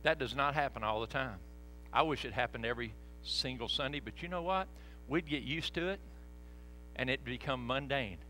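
A man's voice: mid-range voice, moderate pace, sharp tone, faint music behind. A middle-aged man preaching a storytelling sermon in church, folksy and laughing with the congregation. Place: church sanctuary.

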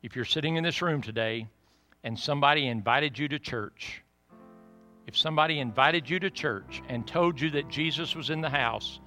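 Impassioned Southern preacher, bright voice. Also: male voice, on the high side. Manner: impassioned, rising to loud emphatic peaks then dropping to quiet asides. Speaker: pastor. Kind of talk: sermon. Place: church.

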